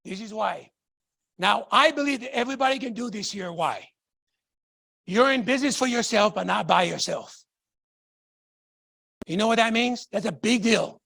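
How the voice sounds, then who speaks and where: Man from Tonga, high voice, gravelly, motivational sales pitch, shouts in bursts. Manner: excitable, bursts into shouting, repetitive rhetorical questions. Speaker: business opportunity presenter.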